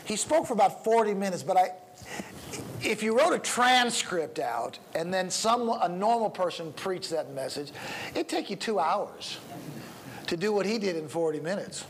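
A man's voice: high voice, expressive, normal speed, a little hiss or hum. A middle-aged man, a pastor, teaching a preaching workshop, shifting his pace and volume to demonstrate and chuckling now and then.

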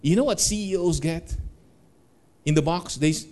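A man's voice: a little high, moderate pace, a little mellow. A middle-aged man giving a motivational seminar talk, telling stories animatedly, laughing along and acting out the voices of the people in them. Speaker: seminar speaker.

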